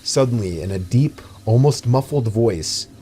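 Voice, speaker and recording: A man narrating a true scary story in a steady, scripted storytelling delivery. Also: medium pitch, unhurried, soft background music.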